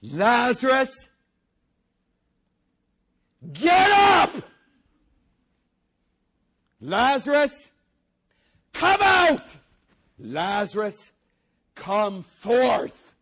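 A man preaching a sermon, speaking as a commanding male savior in a low, assured voice. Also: fairly quick, mellow, husky.

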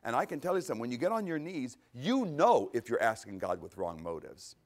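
A pastor delivers a conversational sermon with animation, posing rhetorical questions and then answering them himself. His voice sits at medium pitch and moves a little fast.

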